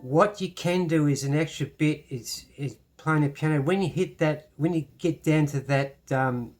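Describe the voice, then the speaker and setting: A man's voice: a little high, moderate pace. Chatty Irish man teaching piano. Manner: chatty, self-deprecating, many restarts. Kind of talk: casual piano lesson. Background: piano playing.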